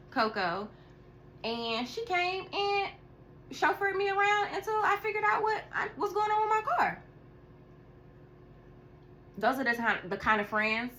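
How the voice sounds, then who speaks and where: A woman telling a casual story on her vlog. She talks in an animated, chatty way, with laughs and sighs. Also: mid-range voice, a little hiss or hum. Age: adult with a school-age daughter. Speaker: tarot reader.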